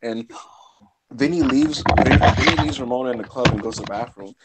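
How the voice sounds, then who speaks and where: A young man hosting a casual chat, recapping a story in an animated way, full of "like" and bursts of laughter. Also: mid-range voice, a little fast, heavy background noise. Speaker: podcast host.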